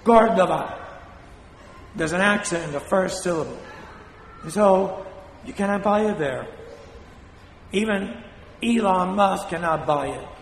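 An older man from Spain, a priest preaching a sermon in a blunt, scolding way with dramatic pauses, his voice still weak after a fall. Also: high voice, a little hiss or hum. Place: church. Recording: echoey hall from a distance.

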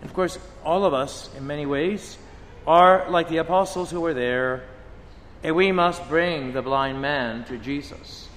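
A man preaching a sermon as a priest, slow and emphatic, acting out dramatic quotes. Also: fairly high pitch, a bit bright, slight background noise. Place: church shrine. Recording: long church reverb.

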